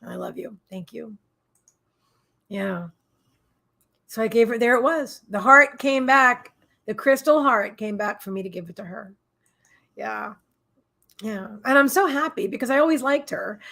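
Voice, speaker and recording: A middle-aged woman with a slightly high voice hosts a casual psychic livestream. She tells her story in an emotional, rambling way, restarting her sentences and turning aside to greet viewers in the chat. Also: normal speed, pauses often, pushed and bright.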